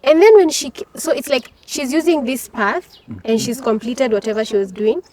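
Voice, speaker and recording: A woman's voice: sits high, normal speed, a little mellow, a little hiss or hum. A woman host, chatting in a casual interview and laughing often as she tells stories. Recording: voice a bit far from the mic.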